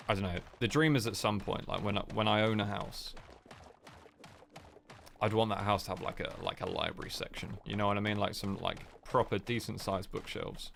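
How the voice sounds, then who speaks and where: A young man talking to his stream in a soft, drowsy murmur. His low voice has a gravelly fry, and he wanders from thought to thought with fillers. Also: a little hiss or hum. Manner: soft, sleepy-sounding chatter; rambling, lots of fillers. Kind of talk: casual livestream chat.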